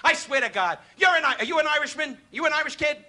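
A man's voice: very high-pitched, expressive, fast. A male stand-up comedian, needling the audience in a brash insult comedy set. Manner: brash, needling crowd work with put-on voices. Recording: archival club recording with loud crowd laughter. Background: loud audience laughter.

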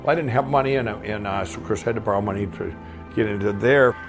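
A man's voice: on the low side, fast, gravelly, over music. A man telling his life story as a guest, rambling and candid, acting out the dialogue along the way. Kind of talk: personal storytelling.

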